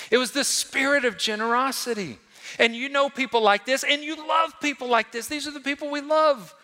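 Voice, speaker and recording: A man preaching a sermon to a congregation, swinging between loud emphatic lines and hushed ones and asking the room questions. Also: very high-pitched. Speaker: pastor. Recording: long hall reverb.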